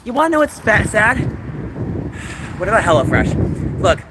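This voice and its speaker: A high-pitched man rants to his stream chat in an agitated, rambling way, circling back and repeating himself. Loud traffic noise runs behind his voice throughout. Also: very animated, normal speed. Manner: agitated, rambling storytelling with repetitions. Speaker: livestreamer. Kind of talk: livestream chat, ranting to viewers.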